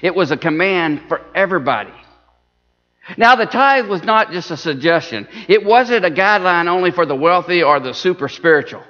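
A man's voice: high voice, lively intonation, normal speed, a bit bright. A man preaching an earnest sermon, repeating words and restarting phrases as he goes. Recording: dull lo-fi recording in a reverberant church hall.

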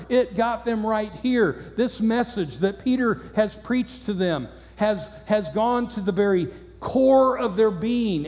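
High-voiced preacher in a reverberant hall. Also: male voice, darkish tone. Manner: measured, earnest preaching with rhetorical questions. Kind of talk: sermon with scripture reading.

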